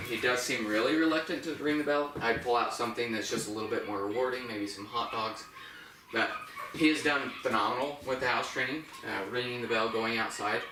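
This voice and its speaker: A man working as a dog trainer, calmly explaining each step while giving brisk commands to a dog. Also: mid-range voice. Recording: echoey room, mic at a distance, noisy.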